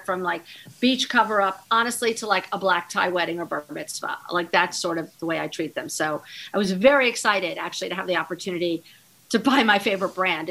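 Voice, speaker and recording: A woman's voice: mid-range voice, bright, forceful tone. A middle-aged woman chatting as a podcast guest, rambling with lots of fillers and restarts. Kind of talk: casual chat.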